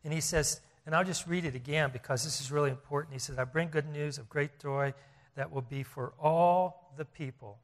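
A man's voice: a little high, steady tone, moderate pace. A man preaching a sermon as pastor, earnest, often restarting and repeating phrases and rising in volume to stress his points.

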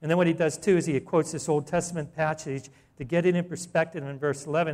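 A man's voice: a little high, steady tone, fast talker, hardly any pauses, a little mellow. A middle-aged male pastor preaching a sermon in a conversational way that builds to fervent emphasis.

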